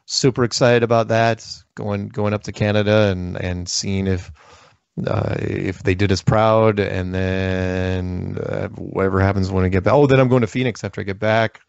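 A man's voice: lowish voice, steady tone, normal speed, creaky, clear, resonant tone, no echo, lo-fi sound. A man hosting a call-in show, joking and rambling, laughing often. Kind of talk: casual call-in chat.

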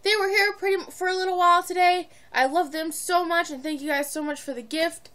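A woman's voice: extremely high pitch, steady tone, brisk, fairly bright tone. A teenage girl vlogging from home in a bubbly, rambling, giggly way. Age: teens. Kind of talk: casual chat to camera. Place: at home, indoors.

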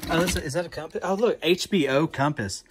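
A man chatting casually as he digs through boxes of finds, rambling and easily excited, recorded on a phone. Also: a little high, fast talker, slightly rough. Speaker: vlogger digging through resale finds. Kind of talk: casual running commentary. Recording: phone recording with loud clicking and handling noise.

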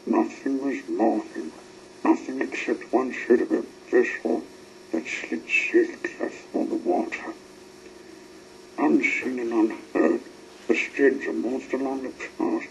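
A man narrating a children's story in a slow, expressive reading. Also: medium pitch. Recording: muffled lo-fi recording with faint hiss.

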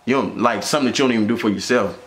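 A young man co-hosting a couple's vlog, teasing his fiancée in loud, joking banter, sometimes shouting and sometimes dropping to a mumble. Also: mid-range voice, racing. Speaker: vlog co-host.

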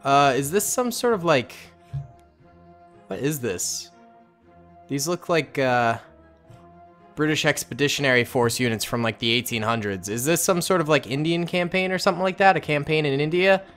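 A young man giving casual let's-play commentary as a gaming host, excitable and loud as he rallies troops. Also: on the high side. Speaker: gaming YouTuber. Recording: game music and gunfire behind.

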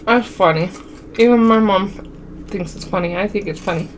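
A woman's voice: medium pitch, normal speed, slight background noise. A young woman from Wyoming telling a childhood story to her viewers in a chatty way, calling them y'all and laughing often. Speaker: mukbang vlogger.

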